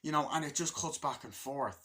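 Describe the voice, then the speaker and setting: Bright-voiced man gushing about a movie. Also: fairly high pitch, brisk. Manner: profane and enthusiastic, retelling scenes. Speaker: movie reviewer. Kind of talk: casual movie review vlog.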